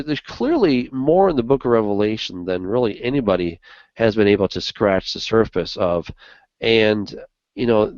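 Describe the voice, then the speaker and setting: Man with a lowish voice, earnest co-host, casual discussion, dry dull lo-fi recording. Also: a little mellow, no echo. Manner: earnest, with many "you know" fillers. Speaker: co-host of a Bible study show.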